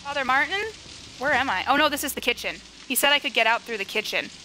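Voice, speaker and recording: Bright, high-voiced jumpy woman streamer. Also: fast talker, a little hiss or hum. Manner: jumpy, giggly, chatty with viewers and her dog. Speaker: game streamer. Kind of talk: live gameplay commentary. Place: home, on a couch. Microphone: close microphone.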